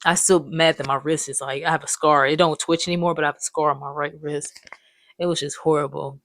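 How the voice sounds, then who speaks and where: Casual storytime host in their twenties, slangy and profane, at a middle pitch with no room sound. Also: steady tone, a little fast, fairly bright tone, no room sound. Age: 20s. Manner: rambling, profane, loose slangy talk. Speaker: vlogger telling life stories.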